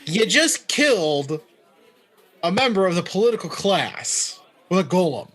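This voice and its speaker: A man's voice: high-pitched, big pitch swings, unhurried, a bit bright. A man co-hosting a podcast who adds dry, wry comments to his friend's story. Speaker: podcast co-host. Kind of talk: casual podcast chat.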